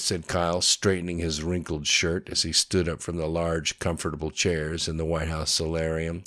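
Man, audiobook narrator, deep low voice, steady storytelling read. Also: normal speed, hardly any pauses. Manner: steady storytelling read, voicing each character. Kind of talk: scripted narration.

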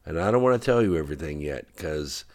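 A man with a very deep voice voicing a calm, careful husband sitting at his wife's hospital bed. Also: fast talker. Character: gentle worried husband, guarded with bad news.

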